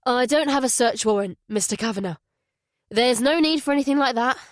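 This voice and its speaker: A woman's voice: on the high side, fairly quick, no room sound, studio quality, voice pushed up, close to an everyday voice. A woman voicing a firm, insistent male detective inspector in an audiobook. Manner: firm, urgent, polite but insistent. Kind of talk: audiobook character voice.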